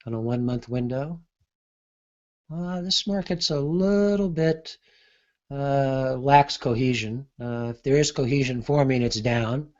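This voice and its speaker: A man giving an unscripted software demonstration, thinking aloud with frequent pauses and fillers. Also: mid-range voice, lo-fi sound. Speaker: market analyst demonstrating software. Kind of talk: unscripted screen-share demo.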